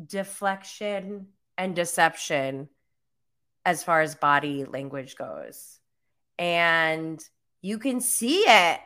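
Bright-voiced young woman chatting casually. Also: medium pitch, animated, takes it slowly, clean tone. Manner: chatty, laughs often, many "like" fillers. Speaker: podcast host recapping reality TV. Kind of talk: casual chat.

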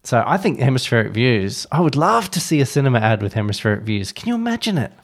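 A man's voice: medium pitch, very animated, fast talker. A man, co-hosting a podcast in casual chat, wry and rambling with restarts. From Australia. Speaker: podcast co-host.

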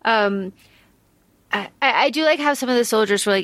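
A fairly high-pitched woman, recorded dry, co-hosts a podcast and reviews a book in a casual, dramatic way. She's animated and quick to vent her strong dislikes.

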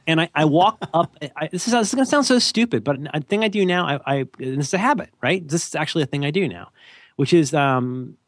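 A man chats on his podcast in a lively, wandering way. His pitch swings up and down as he restarts sentences and pokes fun at himself. The sound is dry and close, with no room echo. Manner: animated, self-deprecating, rambling with restarts. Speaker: podcast co-host. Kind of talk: casual conversational advice chat.

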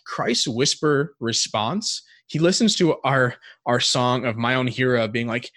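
A man's voice: medium pitch, animated, unhurried, fairly bright tone, no echo. Reflective man on a dry podcast mic. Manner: reflective, thinks aloud with many "like" fillers. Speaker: podcast co-host. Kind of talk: casual faith discussion.

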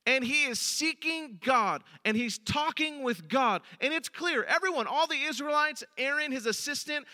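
A male pastor delivers a sermon in a very high, piercingly bright voice, animated and at a normal speed. He addresses the congregation conversationally, and his voice rings with long reverb through a large hall.

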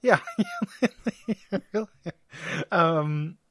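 Rambling higher-voiced man, dry studio sound. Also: extremely slow, a bit bright, no room sound. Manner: rambling, lots of fillers and restarts, laughs often. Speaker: podcast co-host. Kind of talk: casual chat about a video game. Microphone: studio microphone.

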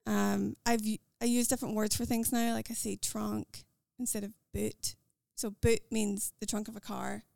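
An American woman with a Scottish-tinged accent, talking as a podcast guest in an earnest, quick way with fillers and restarts. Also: medium pitch, little pitch movement, gravelly, dark tone, dry recording. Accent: American with a Scottish lilt. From United States. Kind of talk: casual conversational interview.

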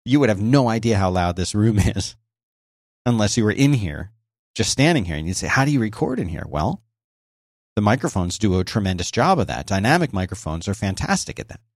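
This podcast host sounds very animated and a little fast, his voice on the low side, as he talks through a casual solo show in a conversational, explanatory way with frequent restarts. There's no room sound. He records on a close, noise-gated dynamic mic in a home office by a busy highway.

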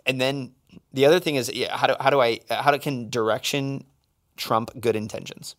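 A man's voice: mid-range voice, normal speed. A middle-aged man co-hosting a casual faith-based conversation, his voice sitting in an ordinary middle register. He tells stories with energy and slips into little acted-out voices for the people he quotes. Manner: animated storyteller, acts out quotes. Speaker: podcast co-host.

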